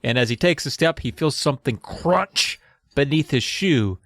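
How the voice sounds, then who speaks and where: Man, podcast co-host, lively swooping pitch, dry close sound, casual book recap. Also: moderate pace, dry recording. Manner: animated retelling with put-on character voices.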